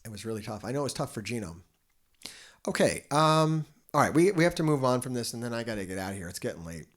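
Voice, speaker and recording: A man's voice: medium pitch, very animated, fast. Profane, rambling male streamer. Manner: profane, rambling, laughs often. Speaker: livestream host. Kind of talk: casual live-stream chat.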